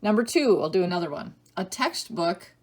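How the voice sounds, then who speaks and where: A woman teacher giving a recorded spelling lesson, reading each word slowly and clearly, patient and explanatory. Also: lowish voice, animated, a little mellow.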